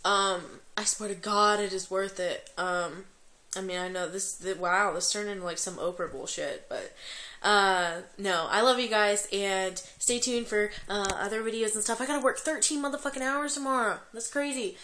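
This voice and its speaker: A young woman records a late-night confessional vlog at home, her voice tearful from crying. She rambles in fits and starts, swears freely, and stalls on fillers, all at a middle pitch. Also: fairly even intonation, bright, forceful tone. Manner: rambling, profane, halting with many fillers. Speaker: vlogger.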